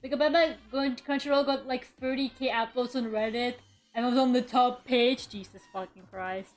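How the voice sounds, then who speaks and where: Over soft background music, a woman with a fairly high voice and fairly even intonation speaks at a moderate pace. She's live-streaming from her room at home, chatting casually, rambling, occasionally swearing and addressing her viewers.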